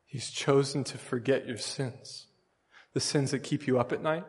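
A pastor preaching a sermon, earnest and storytelling, with emphatic bursts. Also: male voice, mid-range voice, steady tone, unhurried, big-room sound.

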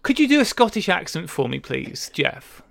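A man's voice: on the high side, big pitch swings, normal speed, vocal fry, no room sound. A man hosting a podcast, teasing his guests in a dry, mock-stern way. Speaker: podcast host. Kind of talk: casual podcast banter.

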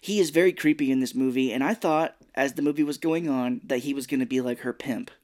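A man of middle pitch talks through a movie plot in a relaxed, conversational way. He tells it like a story to a friend and drops into brief mocking impressions of the characters along the way. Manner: easygoing storyteller who slips into quick mocking voices of the characters. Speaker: podcast co-host. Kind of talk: casual chat recapping a film.

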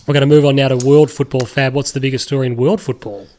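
A man's voice: mid-range voice, steady tone, fast, darkish tone, a little hiss or hum. A man hosting a casual sports podcast, talking animatedly, swearing freely and acting out what others said. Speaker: podcast host.

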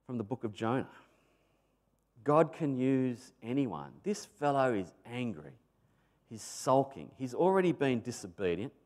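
A man with an Australian accent preaching a sermon, telling a story animatedly and swinging between loud emphasis and soft asides. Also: mid-range voice.

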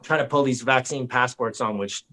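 A man on a podcast, rambling and animated, swearing and mimicking people as he tells stories. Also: mid-range voice, moderate pace. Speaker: podcast guest. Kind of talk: casual chat. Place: lives in San Diego.

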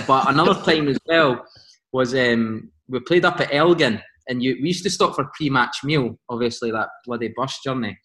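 A man with a Scottish accent telling animated stories as a podcast guest, laughing often and quoting teammates. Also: medium pitch, echoey room. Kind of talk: casual storytelling.

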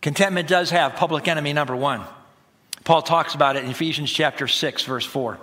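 A middle-aged male pastor delivers a sermon with a bright, forceful voice, pitched a little high for a man. He tells his stories animatedly, acting out everyday voices as he goes. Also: brisk.

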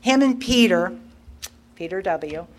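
Animated woman telling a recovery story. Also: fairly low pitch, slow pace. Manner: animated, laughs often, acts out quoted dialogue. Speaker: guest speaker. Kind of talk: recovery share, casual storytelling.

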